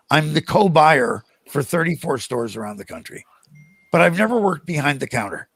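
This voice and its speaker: An older American man, a podcast guest, telling animated stories and acting out the voices of the people in them. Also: fairly high pitch, creaky, no room sound. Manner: animated, acts out quoted voices. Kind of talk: storytelling in a podcast interview.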